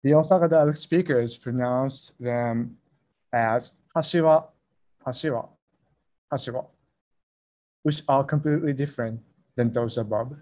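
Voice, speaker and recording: A man's voice: medium pitch, moderate pace, warm tone. A young man presenting a research talk at a conference over a video call, speaking carefully and a little hesitantly.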